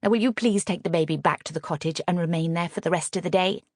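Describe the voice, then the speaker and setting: A woman's voice: on the low side, fast, dry recording, clean studio sound, lightly acted. A woman voicing an icy, haughty young lady of the house. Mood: cold. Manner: curt, commanding, icy. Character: cold haughty young upper-class wife.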